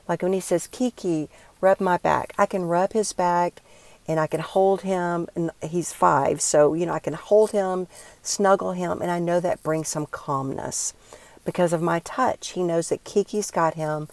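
An older Christian speaker with a lowish voice gives a devotional talk, earnestly encouraging listeners as she leads them through a quiet prayer exercise. There's no room sound.

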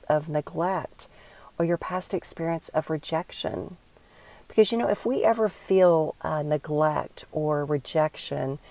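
An older woman with a low voice gives a devotional talk, earnest and encouraging as she guides listeners in prayer. The sound is dry and close, with no room around her. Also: dark tone, no echo. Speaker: Christian speaker.

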